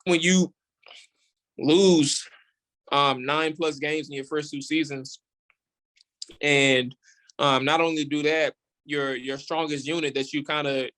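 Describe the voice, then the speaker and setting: A man appearing as a guest on a sports radio show, animated and opinionated, who repeats words as he builds his case. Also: a little high, takes it slowly, pauses often. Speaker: podcast host, guest on the show. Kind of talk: casual sports radio talk.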